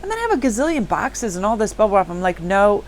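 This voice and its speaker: Woman, tarot vlog host, warm-hearted spiritual chatter, average pitch, faint noise floor. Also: sing-song, rapid-fire, poor audio. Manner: upbeat, spiritual, chatty storytelling. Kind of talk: casual reflective monologue.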